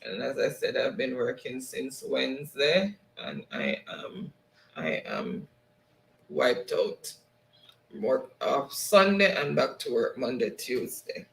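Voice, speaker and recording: A man's voice: mid-range voice, a little slow, creaky, fairly bright tone, echoey room, rough recording. A Jamaican man hosting a live stream in a casual chat, reading viewer comments aloud and laughing often between them.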